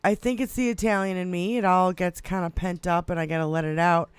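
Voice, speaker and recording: High, clear-voiced man ranting and swearing. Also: a little fast, dry recording. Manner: swearing, animated, laughing a lot. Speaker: podcast co-host. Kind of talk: profane political rant.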